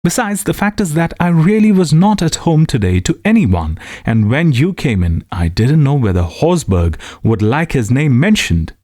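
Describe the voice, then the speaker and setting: A man's voice: a little high, very animated, moderate pace, few pauses, darkish tone, dry recording, studio quality, pitched above the performer's own voice. A man voicing a jovial young painter who talks in a hearty, amused, emphatic way.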